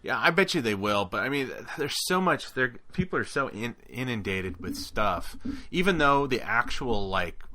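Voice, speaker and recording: A man co-hosting a podcast, talking casually with quick, animated bursts of enthusiasm. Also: mid-range voice. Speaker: podcast co-host. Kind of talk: casual chat.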